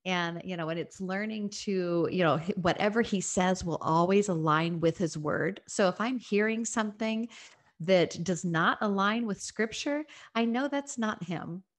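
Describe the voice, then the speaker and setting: A middle-aged woman co-hosting a Bible talk, reading scripture and sharing calmly. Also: mid-range voice, a little slow. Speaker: co-host.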